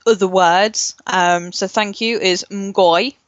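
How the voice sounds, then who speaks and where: A woman's voice: medium pitch, normal speed, fairly bright tone, no room sound, muffled recording. A woman co-hosting a casual podcast, rambling with lots of fillers and swearing freely. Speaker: podcast co-host. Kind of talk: casual chat.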